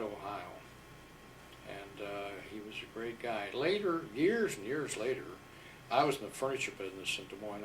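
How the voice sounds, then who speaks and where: An older man from Iowa, a war veteran, unhurriedly recounting his service with fillers and pauses. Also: on the low side, a bit bright, far from the mic, slight background noise, poor audio. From Iowa, USA. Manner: unhurried, humble storyteller with fillers. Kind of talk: storytelling interview.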